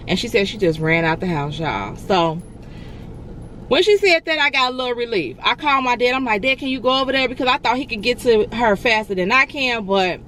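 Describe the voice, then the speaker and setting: A fairly high-voiced woman in her forties tells her story to viewers in an emotional vlog, circling back and calling them y'all. She sounds close to tears, and faint traffic noise drifts in from outside. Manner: animated, repeats herself, addresses viewers as y'all. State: near tears. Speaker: vlogger.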